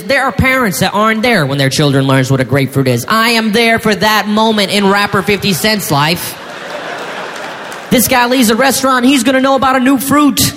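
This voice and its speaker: A man performing a stand-up comedy routine, animated, with mock-shouting asides. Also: sits high, moderate pace, a crowd in the background. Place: comedy stage before an audience. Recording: live hall with reverb, faint noise.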